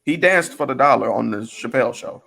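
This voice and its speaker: A man's voice: medium pitch, lively intonation, fairly quick, gravelly, fairly bright tone. A man hosting a casual chat show, explaining his views at length in a thoughtful way. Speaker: podcast host.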